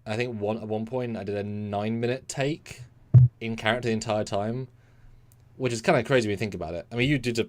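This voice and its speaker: A British man co-hosts a relaxed live stream. He talks in animated bursts and slips into acted-out lines, and his voice sits slightly low. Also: fast. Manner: animated, acts out scenes in bursts. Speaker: co-host. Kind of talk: casual live-stream chat.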